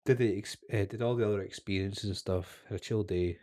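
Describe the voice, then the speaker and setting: A man's voice: lowish voice, steady tone, fairly quick, mellow, dry recording, studio quality. A young man, a podcast co-host, chatting casually and telling a long, sweary anecdote with acted-out quotes. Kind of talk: casual chat, storytelling.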